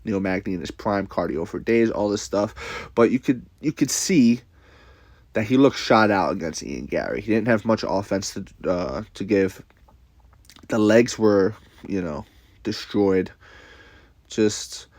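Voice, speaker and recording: A man's voice: on the low side, darkish tone, dry recording. A man ranting casually to camera with a blunt, profane, rambling manner, repeating himself. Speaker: commentator.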